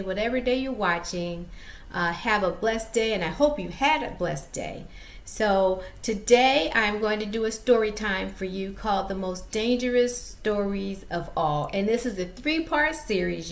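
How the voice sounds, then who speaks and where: A woman's voice: mid-range voice, roomy sound. A woman author telling a casual story-time vlog, chatty and addressing viewers directly.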